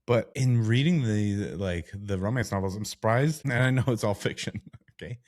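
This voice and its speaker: A man's voice: normal speed, a little mellow. Frank, joking middle-aged man on a podcast. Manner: frank and joking, voice jumps high when incredulous. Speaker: podcast co-host. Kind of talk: casual book club chat.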